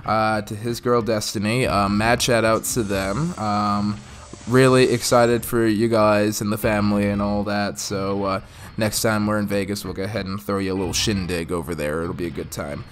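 A man's voice: on the low side, flat delivery, normal speed, slight background noise. A man hosting a slots channel, chatting casually and rambling over his mobile slot play, with many fillers. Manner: rambling and friendly, many "uh"s and "go ahead"s.

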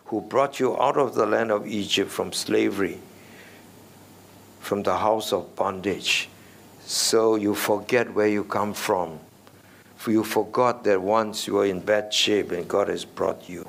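A man's voice: on the low side, measured pace, vocal fry. A middle-aged man preaching an expository sermon as senior pastor, stressing key words and putting rhetorical questions to the congregation.

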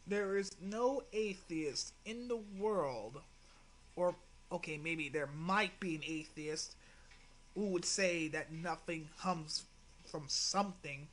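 Man, high voice, bright tone, slow deliberate delivery, exasperated commentary. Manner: exasperated, sighing, profane. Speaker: channel host responding to a video. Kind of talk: casual commentary rebuttal.

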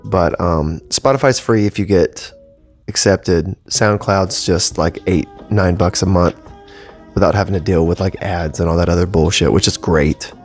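A low-voiced man in his thirties talks at normal speed on his casual home podcast, recorded through a podcast mic in a studio with cables around. He's blunt, swears plenty and rambles, while faint music plays behind.

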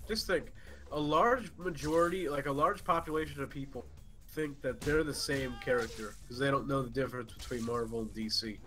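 A man's voice: medium pitch, a little fast, sharp tone, faint music behind. A young man co-hosting a casual let's-play, rambling with many fillers and easy laughter. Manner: rambling, giggly, lots of fillers. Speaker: gamer co-host.

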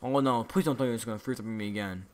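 A man's voice: mid-range voice, rapid-fire, a little mellow. A young man hosting his own gaming channel, talking casually and restlessly to his viewers while opening supply drops. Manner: chatty, restless, talks to viewers as "guys".

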